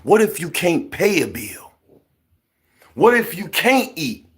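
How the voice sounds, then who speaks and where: Pitched high and moving slowly, a male commentary vlogger preaches in a casual, animated way. Repetition and rhetorical questions run all through what he says.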